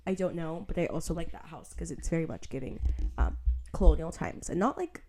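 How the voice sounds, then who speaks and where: A woman talks straight into her phone camera in a loose, chatty ramble, stacking fillers and drifting into tangents. Her voice sits a little low for a woman, and the recording is dry and close, with no room sound around it. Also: brisk, warm tone, dry recording, soft background music. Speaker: vlogger reviewing a TV show. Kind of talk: casual rambling chat to camera.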